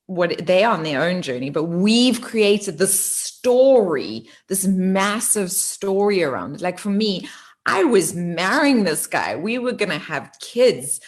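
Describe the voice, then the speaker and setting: Young woman, low voice, candid confessional storyteller. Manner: candid, conversational, addresses viewers directly. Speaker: host. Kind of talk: personal storytelling to viewers.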